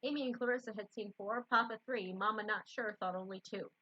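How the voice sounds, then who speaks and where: Bright-voiced woman reading a storybook. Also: mid-range voice, fairly quick. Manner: gentle, unpolished, self-correcting. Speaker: storybook reader. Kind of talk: reading a children's book aloud. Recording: dull lo-fi recording.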